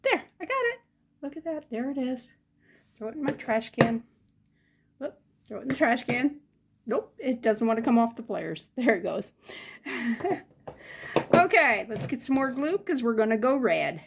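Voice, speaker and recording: A woman's voice: on the high side, sing-song, measured pace, gravelly, long pauses, noisy background. An older woman chatting casually as she works on jewelry, muttering to herself between remarks. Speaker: jewelry crafter. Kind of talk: casual crafting chat.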